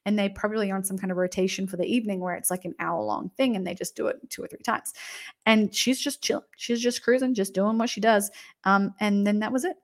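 A young woman recounting her travels in a loose, chatty way, peppering her talk with filler words. Her voice carries a steady vocal fry at a mid pitch. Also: fast talker. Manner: chatty, frequent "like" fillers and laughter. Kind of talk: casual travel storytelling.

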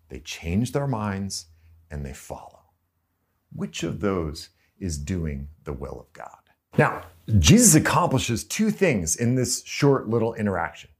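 Male preacher, casual sermon delivery with lively, swinging pitch. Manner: conversational, animated storytelling. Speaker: pastor.

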